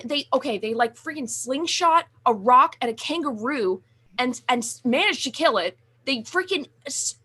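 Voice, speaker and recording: High-voiced and sharp in tone, a young woman co-hosting a podcast chats casually about horror movies, gushing and rambling with plenty of fillers and curse words.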